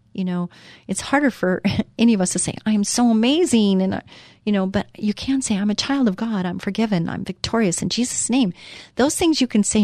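A woman's voice: medium pitch, darkish tone, no room sound, studio quality. Earnest woman hosting a faith talk show. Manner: earnest, heartfelt, rambling with restarts. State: emotional at moments. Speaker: show host.

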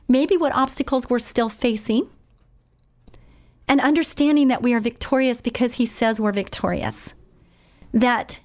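Heartfelt, emotional woman preacher. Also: fairly high pitch. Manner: heartfelt, emotional, repeats words for emphasis. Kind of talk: sermon.

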